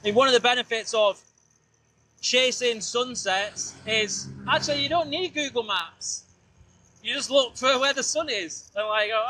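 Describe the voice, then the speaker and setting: A podcast host with a very high, bright, forceful voice rambles casually at normal speed while riding a scooter outdoors. He talks into a small mic with a fluffy windshield, vlog-style, over road ambience and slight background noise.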